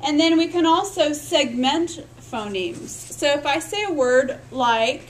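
A woman's voice: high-pitched, expressive, unhurried, slight background noise, rough recording. Woman lecturing, modeling speech sounds. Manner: explains step by step, models speech sounds aloud, checks in with "right?". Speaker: literacy education instructor. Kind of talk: recorded lecture.

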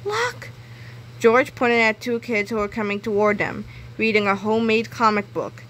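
Bright-voiced woman reading aloud. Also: medium pitch, steady tone, moderate pace, a little hiss or hum, rough recording. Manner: clear, storytelling. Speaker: reader. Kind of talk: children's book read-aloud.

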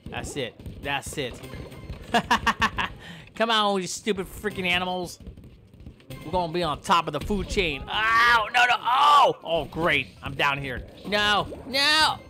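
Rowdy, bright-voiced man taunting in-game animals. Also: fairly high pitch, animated, measured pace, soft background music. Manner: yelling, taunting, goofy trash talk. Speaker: gameplay commentator. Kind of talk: excited game commentary.

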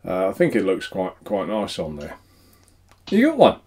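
Chatty man with a mellow voice. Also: deep voice, huge pitch swings, normal speed, breathy edge. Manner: chatty, self-mocking, laughs often. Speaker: host. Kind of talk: casual live-stream chat.

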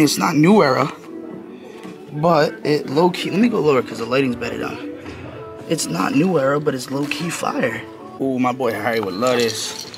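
A man's voice: medium pitch, vocal fry. Slangy young man vlogging in a store. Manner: slangy, chatty and excited. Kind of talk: casual in-store vlog. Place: indoor retail store. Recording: store music behind the voice. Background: music playing in the store.

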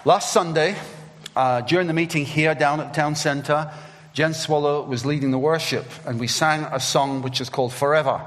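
Church preacher, slow earnest reading, big echoey hall sound. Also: male voice, on the high side, steady tone. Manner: measured, reads scripture slowly and earnestly. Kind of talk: sermon with scripture reading. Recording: long reverb of a church hall.

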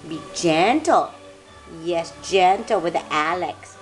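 High-ish woman cooing at her pets, slow and doting, soft music behind. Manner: coaxing, doting pet talk. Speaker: pet owner.

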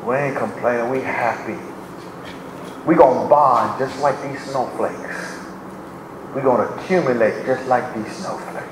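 Joking bishop preaching in an echoey church. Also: male voice, mid-range voice, measured pace. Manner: animated, joking, acts out quoted speech. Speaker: bishop and pastor. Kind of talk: sermon with humor. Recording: echoey church with background noise.

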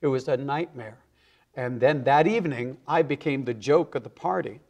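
A man's voice: mid-range voice, moderate pace, darkish tone. Earnest man telling his testimony. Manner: earnest storyteller who acts out the quoted voices. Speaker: evangelist guest. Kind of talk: personal testimony in a TV interview.

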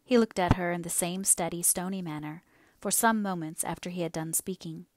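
A woman's voice: fairly low pitch, a little fast. Woman reading a classic novel aloud. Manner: expressive, steady reading. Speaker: audiobook reader. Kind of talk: audiobook narration of a classic novel.

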